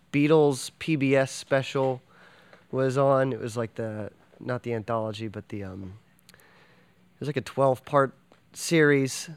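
Enthusiastic rambling man, smooth voice. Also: medium pitch. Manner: enthusiastic, rambling, with many fillers and restarts. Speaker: drummer and podcast guest. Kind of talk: casual interview chat.

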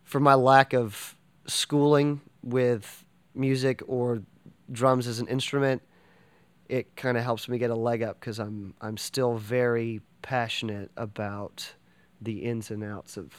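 Enthusiastic rambling man, smooth voice. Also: medium pitch, steady tone, unhurried, no echo. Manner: enthusiastic, rambling, with many fillers and restarts. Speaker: drummer and podcast guest. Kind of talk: casual interview chat.

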